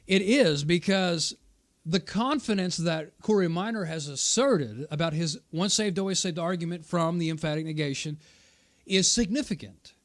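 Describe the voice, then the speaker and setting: A man's voice: a little high, normal speed. A man hosting his own channel, reviewing a debate in casual commentary, arguing at length and answering viewer comments as he goes. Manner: argumentative, explains at length, repeats points for emphasis.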